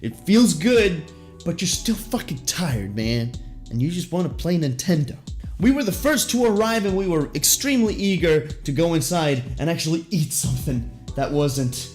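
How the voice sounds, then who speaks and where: A man's voice: fairly high pitch, animated, normal speed, darkish tone, faint music behind. A young man telling an embarrassing story in a comedic storytime monologue, jokey and self-deprecating with puns and asides. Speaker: vlogger.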